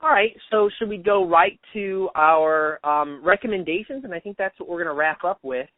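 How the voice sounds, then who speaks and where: A relaxed man co-hosting a casual podcast, his voice a touch high. He talks in an easygoing way with frequent laughs. The audio is narrow and phone-like, and the room is dry. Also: normal speed, dry recording. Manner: easygoing, laughs often, many fillers. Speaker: podcast co-host, high school teacher. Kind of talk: casual chat. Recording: tinny phone-like sound, dry.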